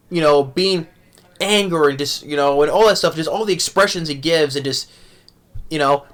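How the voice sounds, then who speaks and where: A man's voice: fairly high pitch, a bit bright. A young man giving a rambling, exasperated movie review rant at home, tripping over his words and restarting often.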